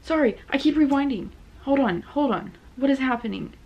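A young woman hosting a reaction video, excitable and swearing, with quick exclamations. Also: sits high, dull audio. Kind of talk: casual reaction commentary. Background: music playing.

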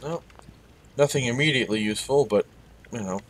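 A man with a mid-range voice hosts a let's-play at a brisk clip, tossing out wry asides and talking back to the game's characters. It's casual gaming-video commentary.

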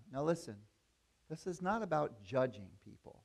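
A male pastor preaching in a relaxed storytelling tone. He speaks at a middle pitch, and his voice rises into emphatic preaching. His delivery is plain and direct. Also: brisk, creaky. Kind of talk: sermon.

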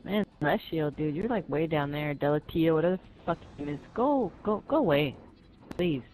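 A man's voice: fairly high pitch, lively intonation, brisk, darkish tone, low-quality recording. A man swearing and heckling another player over online game voice chat, crude and hostile. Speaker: gamer in voice chat.

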